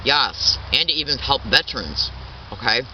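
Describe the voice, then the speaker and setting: Indignant halting man, distant dull recording. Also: mid-range voice, sing-song, pushed and bright, a little hiss or hum. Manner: halting, repetitive, restarts often; indignant, insistent. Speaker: activist. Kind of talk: impassioned spoken statement.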